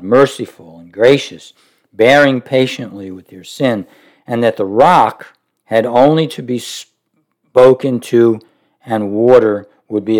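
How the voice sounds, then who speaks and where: A man's voice: medium pitch, a little mellow. Earnest man reading a devotional aloud. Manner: earnest and reflective, pausing often. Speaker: devotional book reader.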